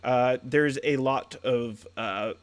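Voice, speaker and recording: A man's voice: medium pitch, slow pace, smooth, no echo. A man running a tabletop game as game master, rambling through descriptions with fillers and jokey asides.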